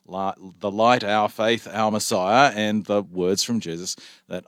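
A man's voice: on the low side, moderate pace, fairly bright tone, no room sound, clean studio sound. A man with a cold, a pastor talking faith on radio, chatty and explaining like a teacher. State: has a cold.

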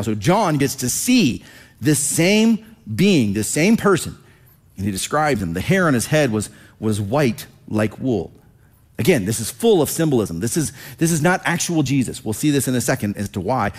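A man teaching a sermon in a conversational, animated way, acting out quoted lines as he explains scripture. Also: on the low side. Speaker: pastor.

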